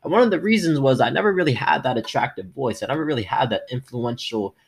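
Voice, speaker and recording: A young man hosts his own motivational podcast, with a slightly husky voice of ordinary pitch. He talks with plenty of energy and keeps changing his tone and loudness as he speaks. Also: fast. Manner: energetic, varies tone and loudness often. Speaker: podcast host.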